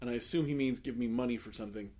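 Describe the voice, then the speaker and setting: A man's voice: medium pitch, rapid-fire. A man telling a long story in casual podcast chat, acting out the people in it and often laughing. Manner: animated, acts out quoted people, laughs often. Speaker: podcast co-host.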